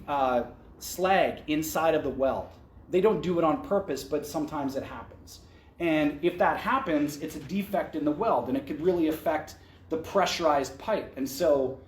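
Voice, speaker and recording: A man's voice: on the high side, darkish tone, a little hiss or hum. A man speaking candidly to an audience at an event, telling his career story in a conversational way with restarts. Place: event venue, indoors. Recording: echoey event room.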